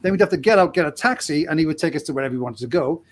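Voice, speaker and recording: Higher-pitched man telling a rambling story. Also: very fast. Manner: rambling, laughing often mid-sentence, lively quoted voices. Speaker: podcast guest. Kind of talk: casual storytelling.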